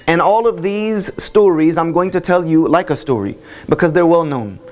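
A man's voice: fairly high pitch, normal speed. A man with a Southern American accent giving a sermon-style lecture as a guest speaker at a mosque. He speaks with emphasis, building through repeated phrases and rhetorical questions.

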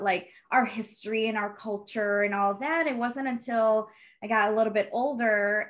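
A middle-aged woman, a panel guest, earnestly recounting her family history with animated retelling. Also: a little high. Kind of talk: personal storytelling.

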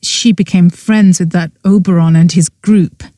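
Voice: medium pitch, fairly even intonation, a little slow, warm tone, dry recording, natural voice. An audiobook narrator voicing a grieving young man who talks bitterly and in shock about a lost girlfriend. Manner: upset, bitter. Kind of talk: audiobook character voice.

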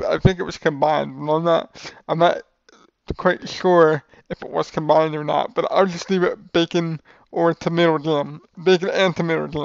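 A man's voice: a little high, gravelly, clean tone, no echo. An enthusiastic man reviewing food in a casual vlog, rambling with restarts and calling his viewers "folks". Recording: dull lo-fi sound.

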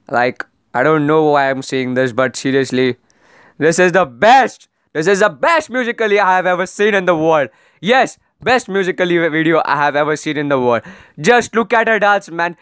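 A man's voice: a little high, fairly bright tone, smooth, no echo, clean studio sound. A man doing comedic roast commentary on video clips, sarcastic and rambling, often pleading in exasperation.

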